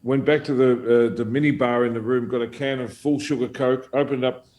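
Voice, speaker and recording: Speaking a little fast in a medium-pitched voice, a middle-aged man serves as guest storyteller at a casual round table. He cusses freely, stays animated, and keeps laughing as he relates an old story.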